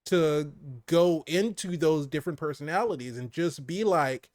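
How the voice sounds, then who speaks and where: A man's voice: normal speed, no echo. Man with a close, dry sound. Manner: animated, laughs often, drops low for emphasis. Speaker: movie review co-host. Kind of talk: casual movie review chat.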